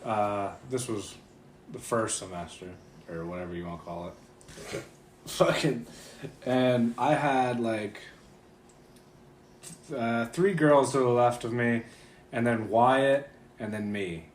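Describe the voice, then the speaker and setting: A man's voice: medium pitch, takes it slowly, pauses often. A young man chatting casually on a podcast, hesitant, with many fillers. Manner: laid-back, hesitant, fillers and swearing. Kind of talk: casual chat. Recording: roomy echo, faint noise.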